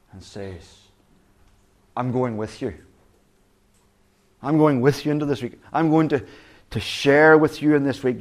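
A man's voice: mid-range voice, a little mellow. A male pastor preaching a sermon earnestly, often restarting his words and quoting God's voice. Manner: earnest, with repeated restarts and quoted voices of God.

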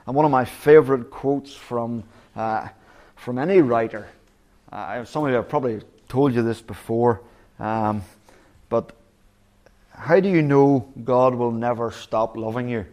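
A man's voice: medium pitch, a little slow, a little mellow. A male pastor preaching a sermon earnestly, often restarting his words and quoting God's voice. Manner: earnest, with repeated restarts and quoted voices of God.

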